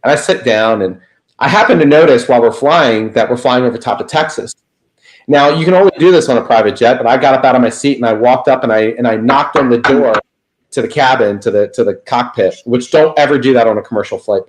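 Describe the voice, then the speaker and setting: A man on a video call, a guest telling an animated story in a casual interview. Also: medium pitch, roomy sound, low-quality recording. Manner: animated anecdote teller, lively quoted voices. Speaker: guest speaker.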